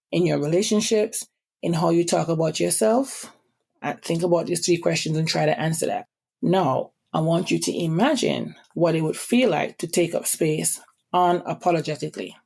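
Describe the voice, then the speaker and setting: A young Caribbean woman hosts her podcast in a low, gravelly voice. Her island accent comes through strongly, and she talks quickly, giving encouragement with frequent asides. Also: mellow. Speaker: podcast host. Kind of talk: motivational podcast monologue.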